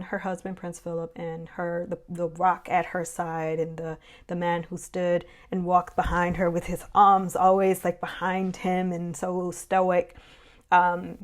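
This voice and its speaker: A woman talking through history in a casual vlog, conversational and rambling with lots of fillers. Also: on the low side. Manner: conversational, rambling, many "you know" and "um" fillers. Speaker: history vlogger.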